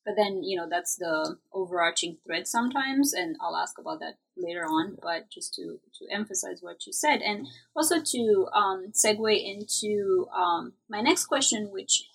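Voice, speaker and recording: A woman's voice: medium pitch, animated, moderate pace, gravelly, breathy edge, poor audio. A woman interviewing an author, asking long, winding questions padded with "you know" and other fillers. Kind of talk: academic interview.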